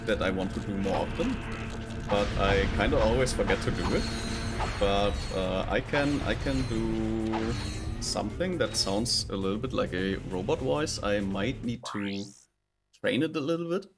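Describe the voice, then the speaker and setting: A man, a native German speaker, streaming as a VTuber and chatting casually over gameplay, hesitant with many restarts and fillers. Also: fairly low pitch. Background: loud game music.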